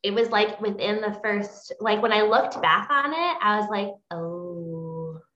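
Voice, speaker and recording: An easygoing woman co-hosting a book podcast, agreeable and quick to laugh. Her voice is mid-pitched and captured with a roomy echo. The recording has a dull, muffled top end. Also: fairly bright tone. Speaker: podcast co-host. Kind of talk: casual book-club chat.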